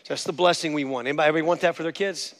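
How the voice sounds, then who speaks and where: A man's voice: fairly high pitch, rapid-fire. A male pastor preaching a sermon with passion, calling out to the congregation for amens. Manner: impassioned preaching, calls for amen. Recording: long hall reverb.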